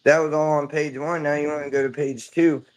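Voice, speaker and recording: Laid-back swearing streamer dad. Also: male voice, on the high side, level tone, a little fast, slight background noise. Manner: loose, rambling, swears casually, says "dude" a lot. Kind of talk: casual live-stream chat. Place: at home.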